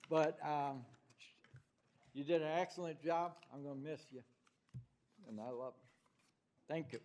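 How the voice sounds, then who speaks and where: A man's voice: fairly high pitch, slow, pauses often, darkish tone. An older man with a New York accent giving a rambling, heartfelt public comment at a city council meeting. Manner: rambling, heartfelt, with many fillers.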